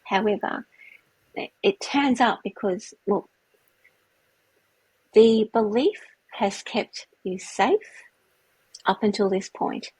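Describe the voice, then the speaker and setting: A woman co-hosting a podcast in casual chat, reflective and quick to agree. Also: medium pitch, darkish tone, slightly rough, no room sound, poor audio. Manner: reflective, agrees often with "yeah". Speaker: podcast co-host.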